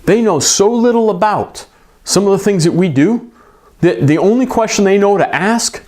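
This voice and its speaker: Animated, emphatic male repair-shop coach. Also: a little high. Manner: animated, emphatic, conversational with quick asides. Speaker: business coach for repair shops. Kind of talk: coaching talk to shop owners.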